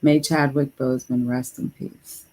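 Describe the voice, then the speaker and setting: A man hosting a casual chat, reading social media posts aloud in a measured, deliberate way. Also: medium pitch, flat delivery, darkish tone.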